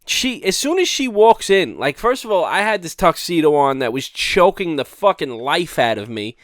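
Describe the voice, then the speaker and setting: A man co-hosting a podcast, telling stories in casual chat, animated and profane, acting out what others said. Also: fairly high pitch, moderate pace, no room sound, clean studio sound. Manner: animated storyteller, swears a lot, acts out others' voices. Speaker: podcast co-host.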